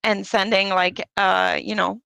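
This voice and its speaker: Gravelly woman explaining a board game. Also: medium pitch, flat delivery, unhurried, fairly bright tone, no echo. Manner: explains with lots of fillers and restarts. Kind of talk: casual chat during an online board game.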